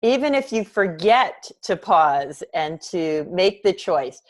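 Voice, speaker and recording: A woman educator answers as an interview guest, with a mid-range, even voice. She talks in a reflective, measured way, like someone thinking aloud. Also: lowish voice. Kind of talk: casual interview chat.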